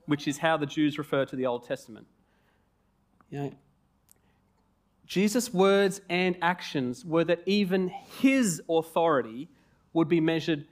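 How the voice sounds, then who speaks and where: Lively, joking male preacher. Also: a little high. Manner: animated, jokey and conversational. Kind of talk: sermon.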